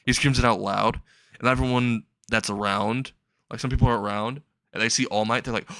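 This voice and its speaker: A man's voice: medium pitch, steady tone, a little fast, fairly bright tone, no echo. A man casually retelling a fan story, rambling and chuckling at his own jokes.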